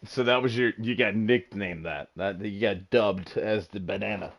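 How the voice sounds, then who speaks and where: A man hosting a casual podcast chat, excitable and teasing, swearing freely. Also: fairly low pitch, moderate pace, creaky. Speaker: podcast host. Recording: dull lo-fi voice chat.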